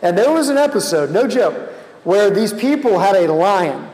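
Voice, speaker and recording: Young guy youth pastor, pretty high voice, chatty sermon, big echoey room. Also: moderate pace. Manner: casual, animated storytelling with sudden pitch jumps. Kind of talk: youth sermon with guided prayer. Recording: echoey hall with long reverb.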